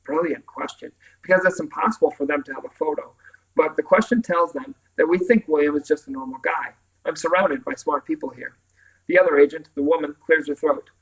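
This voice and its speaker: A man reading a novel aloud in the first person, telling the story in a calm, even way. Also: fairly high pitch, brisk, rough recording. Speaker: audiobook reader. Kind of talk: first-person audiobook narration.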